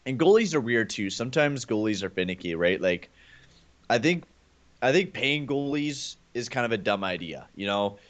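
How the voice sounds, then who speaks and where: A man's voice: medium pitch, lively intonation, normal speed. A man co-hosting a casual hockey chat show, rambling through his points with lots of "like" and "right?". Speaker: co-host.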